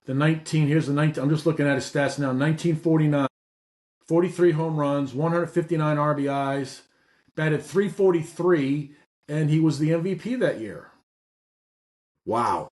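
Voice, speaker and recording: A man's voice: fairly high pitch, moderate pace, darkish tone. A middle-aged man hosts a podcast in an easygoing, casual way. He chats loosely and reads figures aloud as he looks them up. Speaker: podcast host. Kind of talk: casual chat.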